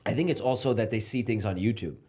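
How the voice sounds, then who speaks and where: A man's voice: lowish voice, fairly quick, breathy edge. A young man, a comedian guest telling profane stories in casual podcast banter and laughing as he goes. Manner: animated, profane, laughs through his stories.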